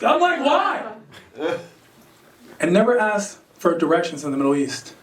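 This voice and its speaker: An American man performing a stand-up comedy set, animated, acting out characters in sudden high voices and laughing at his own jokes. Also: extremely slow, pauses often, background noise. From United States. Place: comedy venue stage. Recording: roomy distant stage mic.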